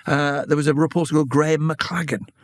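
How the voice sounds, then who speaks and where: A British man in his sixties, an interview guest telling candid stories from his life in a measured, reflective way. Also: on the high side, fairly even intonation, dry recording, studio quality. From Britain. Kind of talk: reflective conversational storytelling.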